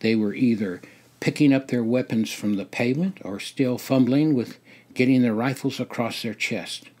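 An older man reading his own memoir aloud in a measured, deliberate storytelling manner. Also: medium pitch, mellow, breathy edge. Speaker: memoir narrator.

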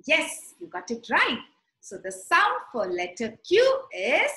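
Preschool teacher, woman: high lively voice, slow and bright, echoey room. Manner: slow, sing-song and animated, addressing children directly. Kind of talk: storytelling and teaching letters to young children.

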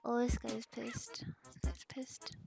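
Gamer woman with a high voice, swearing and venting as she plays, with game music clear behind her. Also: expressive, slow. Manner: profane, exasperated running reactions. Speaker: streamer. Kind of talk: casual gameplay commentary.

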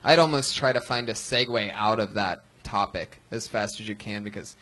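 A man's voice: on the low side, moderate pace, a bit bright. A man on a comedy show panel, giving blunt and rambling critique of a comic's set.

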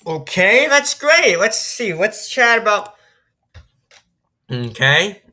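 A woman with a bright, sharp voice that swings widely in pitch as she plays a text game. She reads the story aloud in an unhurried way and breaks off into incredulous, swearing, laughing reactions. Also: sing-song. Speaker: video game streamer. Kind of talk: gameplay commentary, reading story text aloud.

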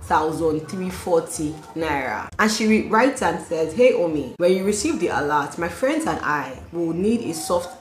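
A woman telling her testimony in a low, hushed storytelling voice, repeating phrases. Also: animated, normal speed, hardly any pauses. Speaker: vlogger sharing a faith testimony. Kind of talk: casual testimony. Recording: echoey room.

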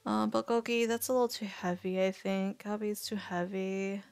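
A woman's voice: mid-range voice, level tone, normal speed, vocal fry, a little mellow, clear, resonant tone, no echo. Woman streamer, casual rambling chat, mid-range voice, dry close mic with faint music underneath. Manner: rambling, indecisive, thinking aloud.

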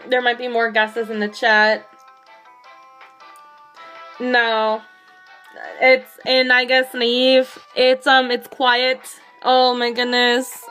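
An excited woman live-streaming a game, rambling with a shaky thrill in her voice. She sits a little high in pitch and talks at an unhurried pace, with faint music playing behind her.

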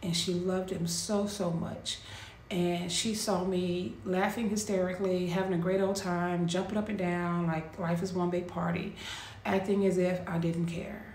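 Gravelly woman telling a painful story. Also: lowish voice, little pitch movement. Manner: slow, heavy pauses, quietly intense. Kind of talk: personal storytelling monologue. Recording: echoey room with faint ambient noise.

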